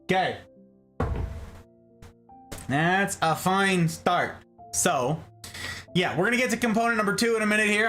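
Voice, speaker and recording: A man's voice: fairly high pitch, a bit bright. A man hosting a live stream in casual chat, playfully greeting viewers and reading chat aloud. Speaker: streamer host.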